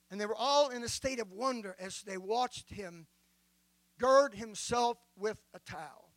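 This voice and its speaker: High-voiced preaching bishop, dry sound. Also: male voice, sharp tone, no echo. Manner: dramatic preaching, slow emphatic scripture reading. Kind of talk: sermon.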